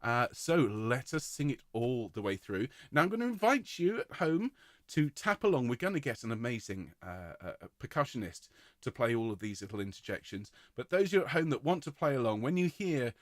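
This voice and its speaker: A man directing a choir rehearsal, giving clear, encouraging instructions and singing out rhythms to demonstrate them. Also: medium pitch, very animated, fairly quick, dry recording, clean studio sound.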